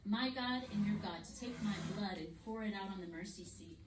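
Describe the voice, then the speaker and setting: A woman voicing a kind, tender grown man in a story, with a soft manner, heard from far off in an echoey room. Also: medium pitch, normal speed, noisy background, natural voice.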